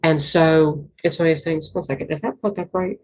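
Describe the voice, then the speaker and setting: A woman's voice: low voice, fairly even intonation, brisk, a little mellow. A young woman with a Southwest Virginia Appalachian accent, talking earnestly and at length as an interview guest, full of "like" fillers. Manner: rambling, earnest, heavy use of "like" fillers. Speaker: interview guest, banjo musician. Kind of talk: casual conversational interview.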